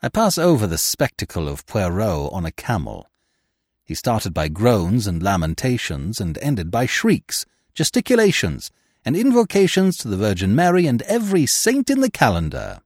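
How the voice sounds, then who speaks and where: Male audiobook narrator, lively and dramatic, lower voice, dry close sound. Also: normal speed, no room sound. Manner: expressive, dramatic reading. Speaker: podcast narrator.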